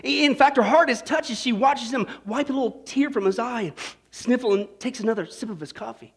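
A male pastor preaching a sermon, telling a joke and then driving into scripture with lively energy. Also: very high-pitched, a little fast, slightly rough. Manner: energetic, joking storyteller preaching.

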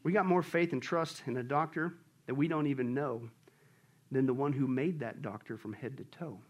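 A man preaching a sermon with great energy, swinging from shouts down to low murmurs. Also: moderate pace, lo-fi sound. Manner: acts out voices in a joke. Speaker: pastor.

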